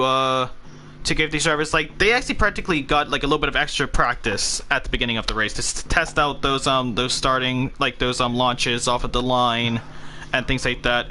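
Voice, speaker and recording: Bright-toned young male race commentator. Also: mid-range voice, a little hiss or hum. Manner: chatty, halting, full of ums. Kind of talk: live sim-racing stream commentary.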